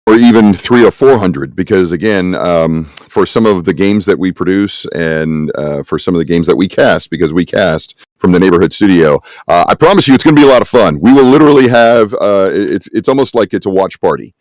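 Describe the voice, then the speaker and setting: Low-voiced man making emphatic points. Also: expressive, a little fast, few pauses, darkish tone, no room sound. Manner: emphatic, conversational, tags points with "right?". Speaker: conference panelist, game casting producer. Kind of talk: conference panel talk. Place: conference room.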